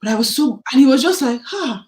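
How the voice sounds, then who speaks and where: A woman's voice: high voice, fast. Candid woman sharing her life story. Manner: candid and animated, acts out quoted dialogue. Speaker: guest. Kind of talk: personal testimony in a podcast interview.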